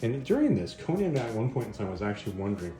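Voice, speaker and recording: Male host, casual reviewer, lowish voice with lots of pitch movement, roomy echo. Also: quick pace. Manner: animated, chatty retelling of a story. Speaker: comic book reviewer, channel host. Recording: roomy echo, faint music.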